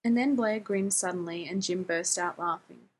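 A woman reading fan fiction aloud, narrating in an even storytelling manner. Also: lowish voice, normal speed, slightly rough. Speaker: reader.

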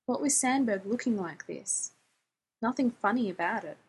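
A woman reading fan fiction aloud, narrating in an even storytelling manner. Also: medium pitch, normal speed, slightly rough. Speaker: reader.

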